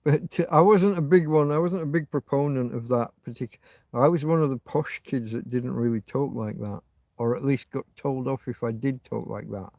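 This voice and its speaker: A man's voice: mid-range voice, steady tone, normal speed, vocal fry, darkish tone, dry recording, lo-fi sound. A middle-aged man from Yorkshire with a Yorkshire accent, rambling and musing on a casual livestream chat as its host. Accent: Yorkshire English. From Yorkshire, England. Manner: musing, meandering, drifts between thoughts.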